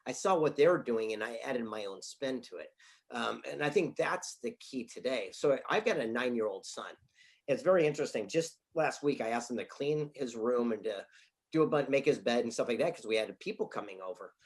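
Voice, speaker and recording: A man's voice: mid-range voice, lively intonation, brisk. A middle-aged man telling anecdotes as an interview guest, sometimes laughing through the punchlines. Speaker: guest author and speaker. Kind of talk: interview storytelling.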